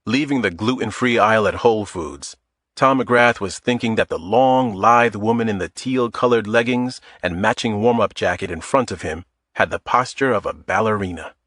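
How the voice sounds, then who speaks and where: A man narrating a thriller audiobook in a measured, dramatic storytelling manner. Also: lowish voice, fairly bright tone, no room sound. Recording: dry close studio sound.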